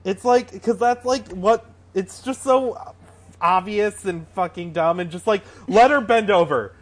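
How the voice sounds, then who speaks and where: A man's voice: high-pitched, a little slow. A man co-hosting a podcast, sarcastic and exasperated as he picks apart a movie in casual chat, swearing as he goes. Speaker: podcast co-host.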